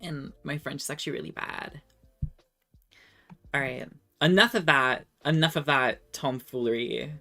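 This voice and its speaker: A young adult woman streamer chatting casually with viewers, self-deprecating and halting when she tries French. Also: low-pitched, bright, forceful tone. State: slightly under the weather.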